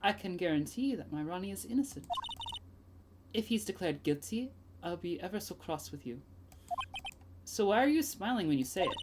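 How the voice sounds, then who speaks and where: A woman voicing a doting, sugary wife in a soft, syrupy manner, reading game dialogue aloud. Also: fairly low pitch, very animated, normal speed, long pauses, very noisy. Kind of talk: game dialogue read-along.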